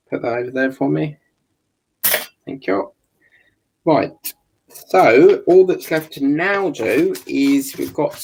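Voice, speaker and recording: A man with a gravelly voice, chatting casually while building a scale model kit and muttering and swearing under his breath. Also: mid-range voice, darkish tone, rough recording. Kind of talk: casual build video chat.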